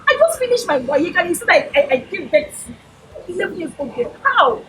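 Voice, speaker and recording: A woman's voice: extremely high pitch, big pitch swings, a little fast, a little hiss or hum, low-quality recording. An actress with a Nigerian accent playing a distraught young woman who has lost her memory, frantic and accusing. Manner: frantic, accusing, often shouting. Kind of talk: Nollywood film acting.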